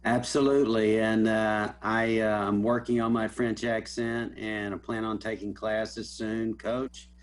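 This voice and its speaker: Earnest principal, low voice. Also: male voice, little pitch movement. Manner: earnest, many filler pauses. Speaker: school principal. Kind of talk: casual remarks on a video call.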